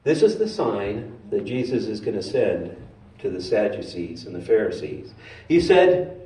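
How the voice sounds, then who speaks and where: A male preacher telling a story in a sermon, in an animated, conversational way, in a church sanctuary. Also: on the low side, a little slow. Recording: roomy hall from far off.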